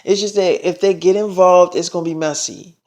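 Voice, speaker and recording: A man voicing a young woman, a pleading girlfriend, in a quiet hushed tone inside his story. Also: sits high, quick pace, close to an everyday voice.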